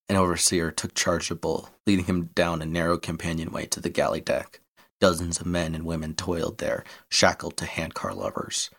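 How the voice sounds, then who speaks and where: A man reading an adventure story aloud in a steady, measured way. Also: sits low, creaky, husky.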